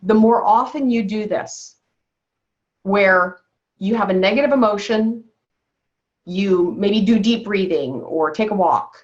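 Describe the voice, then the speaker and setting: A woman's voice: medium pitch, unhurried, pauses often. A woman health coach leading a wellness call, coaching her listeners and checking in with "okay?" after almost every point. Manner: coaching tone, keeps asking "okay?". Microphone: video call. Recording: dull lo-fi video call audio.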